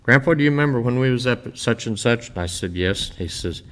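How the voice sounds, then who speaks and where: An older man speaking informally to a church congregation, telling stories in a folksy, rambling way with many pauses. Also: mid-range voice, lively intonation, fairly bright tone. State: emotional, voice dropping. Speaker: visiting church-building minister.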